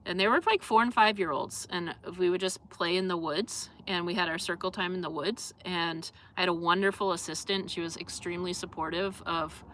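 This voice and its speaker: A woman's voice: lowish voice, fairly even intonation, brisk, few pauses, fairly bright tone, slight background noise. A young adult woman hosting a casual live stream, chatting in a rambling way with lots of fillers and reading out viewer comments.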